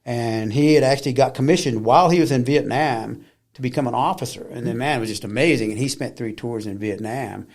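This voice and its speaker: Middle-aged man, interview guest, lively storyteller who acts out quotes. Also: medium pitch, a little fast.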